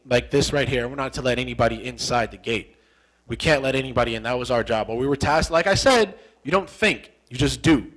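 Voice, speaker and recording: A young American man who once served as a soldier recounts a story during an interview, speaking with a mid-range, fairly bright voice on a rough recording. He's lively, repeating phrases for emphasis and acting out the remembered dialogue.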